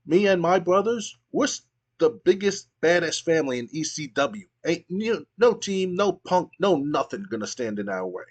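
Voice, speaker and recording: A man voicing a boastful male wrestler who brags loudly in a raised voice. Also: a little high, big pitch swings, moderate pace, pitched above the performer's own voice. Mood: bragging. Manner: bragging.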